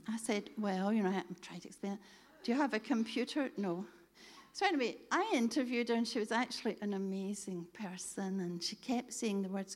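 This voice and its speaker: A middle-aged woman telling a lively faith story to a church audience, acting out the dialogue. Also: fairly high pitch, a little fast. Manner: lively, animated storytelling, quoting others in dialogue. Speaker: speaker telling a testimony.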